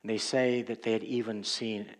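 A man's voice: on the low side, level tone, moderate pace. A male pastor preaching an expository sermon in a conversational, reflective manner.

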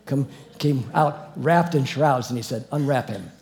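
Man giving an animated Bible talk. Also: medium pitch, measured pace. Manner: animated, chuckling, reads verses then comments. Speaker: Bible teacher. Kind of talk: informal Bible teaching.

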